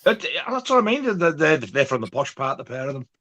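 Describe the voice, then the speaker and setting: A man with a Teesside accent, cracking crude, profane, deadpan jokes in casual livestream chat. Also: medium pitch, fairly quick, lo-fi sound. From Teesside, north of England.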